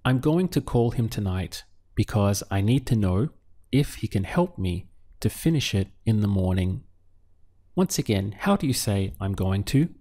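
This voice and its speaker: A man teaching a language lesson, calmly prompting the listener and pausing for their answers. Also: lowish voice. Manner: slow, patient prompting with pauses for answers. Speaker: Spanish teacher.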